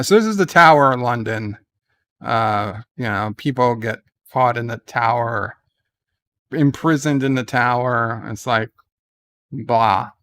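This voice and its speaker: A man's voice: medium pitch, vocal fry, a bit bright, no echo. A man hosting a casual livestream, reading viewer comments aloud and rambling on irreverently with plenty of fillers. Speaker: livestream host.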